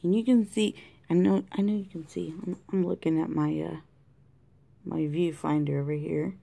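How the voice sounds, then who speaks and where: A woman talking through a colored-pencil tutorial in a chatty way, thinking aloud and often dropping to a soft whisper. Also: fairly low pitch, fairly even intonation, normal speed, creaky. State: has the hiccups. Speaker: art tutorial host. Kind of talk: casual drawing tutorial narration. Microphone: camera mic close to the desk.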